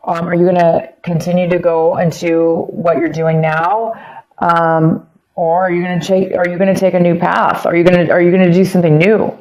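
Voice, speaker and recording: A woman with a slightly low voice talks through a tarot reading, circling back over her phrases with plenty of ums. She is losing her voice as she goes. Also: flat delivery, moderate pace, darkish tone, low-quality recording. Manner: rambling, repeats phrases, many ums. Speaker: tarot reader. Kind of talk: casual tarot reading to camera.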